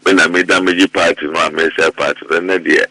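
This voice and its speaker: A middle-aged Ghanaian man in heated political commentary, animated and quick to repeat himself when worked up. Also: deep voice, no echo, poor audio. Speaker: political party member.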